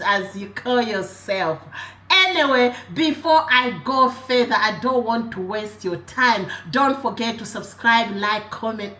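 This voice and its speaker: A woman hosting a reaction video, talking to her viewers in a slow, chatty way. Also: fairly high pitch, pushed and bright. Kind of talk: casual reaction commentary. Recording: echoey room.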